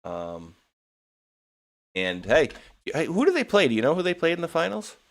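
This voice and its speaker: A man's voice: fairly high pitch, wildly swooping pitch, moderate pace. A young man with a New England accent hosting a casual chat, rambling and laughing with many restarts. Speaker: podcast host.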